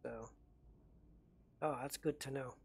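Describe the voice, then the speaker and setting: A man's voice: mid-range voice, fairly even intonation, slow, vocal fry, breathy edge. A man chatting casually while streaming a space game, greeting viewers by name and thinking aloud. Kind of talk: casual live-stream chat.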